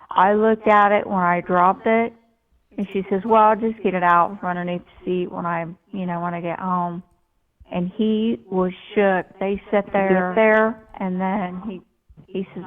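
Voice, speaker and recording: A woman telling a personal story on a live show, rambling, with many fillers and restarts. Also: on the low side. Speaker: guest storyteller. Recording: tinny phone-line call.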